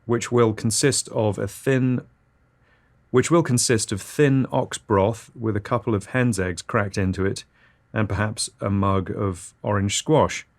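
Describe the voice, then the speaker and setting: Deadpan comedy podcaster. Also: male voice, on the low side, unhurried. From Britain. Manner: dry, matter-of-fact delivery of nonsense. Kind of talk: absurdist scripted comedy monologue.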